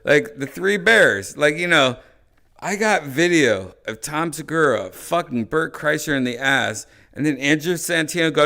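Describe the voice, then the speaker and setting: A man's voice: fairly high pitch, animated, a little slow, vocal fry, sharp tone. A man hosting a podcast, telling rambling, profane stories with acted-out quotes. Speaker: podcast host. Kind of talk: casual podcast chat.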